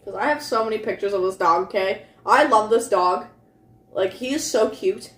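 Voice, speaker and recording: A woman's voice: mid-range voice, normal speed. A woman co-hosting a casual chat show, talking in a chatty way and laughing often. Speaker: co-host. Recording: echoey room with faint hum.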